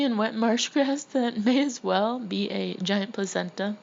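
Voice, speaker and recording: A woman's voice: mid-range voice, fairly even intonation, unhurried, creaky, few pauses. A woman reading her own funny memoir aloud, often breaking into laughter as she goes. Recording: slightly dull lo-fi recording with faint background hiss.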